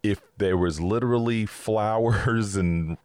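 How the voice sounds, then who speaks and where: A man's voice: lowish voice, slow, a little mellow, no room sound, studio quality. A man hosting a casual faith talk, upbeat and chatty, laughing often as he teaches. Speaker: podcast host.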